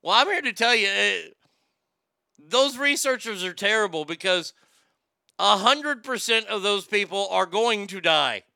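A man's voice: high voice, expressive, measured pace, gravelly, bright, forceful tone, no room sound. A man giving a sarcastic, profane comedy rant about a news story and reading chat aloud.

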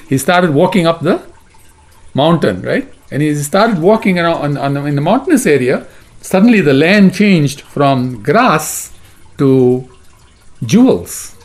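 A man's voice: on the high side, darkish tone. A man teaching a devotional scripture class, retelling the story in a chatty way and often asking "right?". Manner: chatty, keeps asking "right?" and "you know what I mean?".

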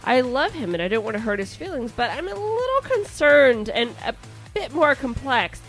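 A young woman with a Midwestern American accent, co-hosting a comedy podcast. Her voice sits a bit high and she rambles, restarting sentences and laughing as she talks. Faint music plays behind her. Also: big pitch swings, moderate pace, a bit bright. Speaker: podcast co-host reading listener questions. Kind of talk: casual comedy podcast chat.

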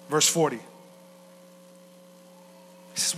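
A man preaching a sermon as pastor, passionate and swinging from quiet to shouting. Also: fairly high pitch, expressive, normal speed, long pauses, a little hiss or hum. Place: church sanctuary. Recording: reverberant hall.

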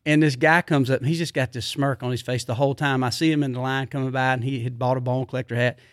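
A man who hosts a hunting show, a guest on a podcast, telling a story in an excitable, animated way. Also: medium pitch, quick pace, dry recording, clean studio sound. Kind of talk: casual storytelling.

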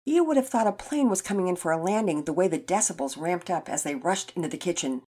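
A woman narrating a children's story in an expressive reading voice. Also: lowish voice, fast, slightly rough.

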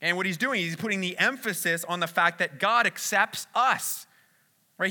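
Male pastor, high voice, very bright tone; casual, conversational sermon delivery with frequent restarts. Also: normal speed.

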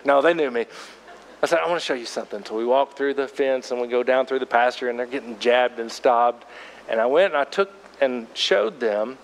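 A man's voice: mid-range voice, big-room sound, slight background noise. An older man preaching a sermon as pastor, in a folksy, conversational storytelling way.

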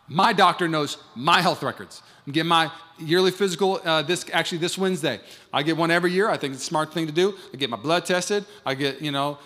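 A young adult male pastor preaching a live sermon in a church, emphatic and animated, acting out quotes with a voice that jumps up loud. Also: a little high, in a large hall. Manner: emphatic preacher, acts out quotes, rises to near shouts. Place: church sanctuary, live congregation.

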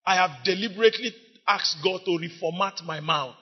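A man with a Nigerian English accent preaching an impassioned sermon, often rising to shouts and stretching words out. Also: sits high, brisk, breathy edge. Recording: dull lo-fi recording.

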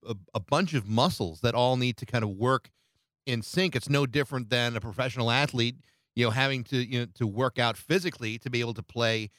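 A man's voice: medium pitch, brisk, a bit bright, no room sound. A male interviewer talking casually, with a mid-range voice that often halts and stumbles over words. The sound is dry and close, with no room around it.

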